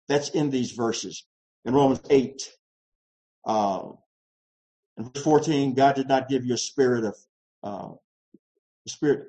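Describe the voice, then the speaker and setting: A pastor delivering a sermon in a slow, emphatic style that swells into shouts. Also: medium pitch, poor audio.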